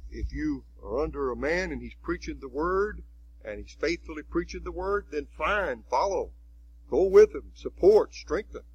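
A man's voice: on the high side, darkish tone, husky, highs cut off. A man preaching a sermon in a folksy, conversational way, often adding "you see".

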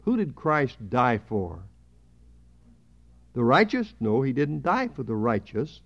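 A man preaching a sermon at a church service, emphatic, swelling louder on key words. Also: mid-range voice, sing-song, unhurried. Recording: dull lo-fi sermon recording.

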